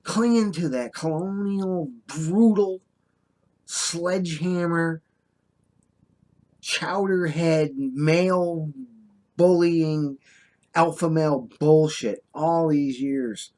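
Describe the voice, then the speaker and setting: An older American vlogger, his fairly high voice darkish in tone, stretches out his words and leaves long pauses as he rants at the camera. The monologue is passionate and scolding, laced with drawled sarcastic remarks.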